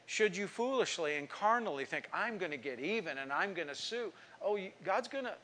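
A middle-aged male pastor preaching a sermon, telling a story and acting out the people in it, swinging from emphatic lines to hushed ones. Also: high-pitched, animated, a little fast, few pauses. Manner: storytelling, acting out quoted speech; emphatic preaching with sudden drops to quiet.

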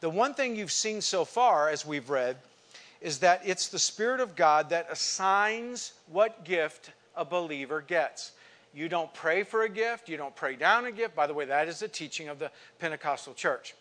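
A man preaching a sermon to his congregation, telling a personal story and swinging from quiet asides to emphatic outbursts. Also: a little high, animated, normal speed. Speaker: pastor.

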